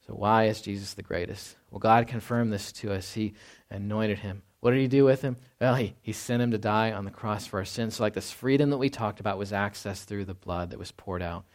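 A man's voice: lowish voice, a little fast. Casual preacher man asking rhetorical questions. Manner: casual, tags points with "right?" and rhetorical questions. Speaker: pastor. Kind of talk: conversational sermon.

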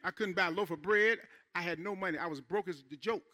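A man preaches a sermon from the pulpit, his high voice cutting through with a very bright, forceful edge. He speaks in an animated, conversational way, checking in with the congregation and sinking to a hush for asides. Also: quick pace. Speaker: pastor. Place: church.

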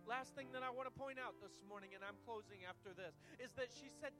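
A man's voice: very high-pitched, quick pace, hardly any pauses, over music. A man preaching a sermon, impassioned and building in intensity, asking the congregation for "amen" and "okay" as he goes.

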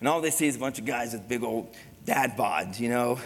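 A middle-aged male pastor preaching a sermon, animated and conversational, with rhetorical questions and storytelling. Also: mid-range voice, a little fast. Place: church sanctuary. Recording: long reverb of a church hall.

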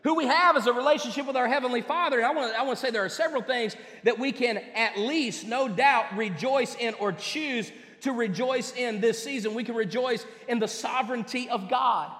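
Male pastor, very high voice, emphatic sermon delivery, recorded in a reverberant hall. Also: fairly bright tone. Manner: emphatic, with repeated words and rising and falling delivery. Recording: echoey hall with long reverb.

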